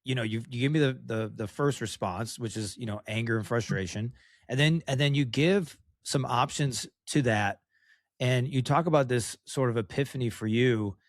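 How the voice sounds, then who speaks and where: A man's voice: mid-range voice, normal speed, no room sound, studio quality. A man hosting as a coach, asking searching questions and restarting them as he goes. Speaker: host, coach. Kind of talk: interview questions.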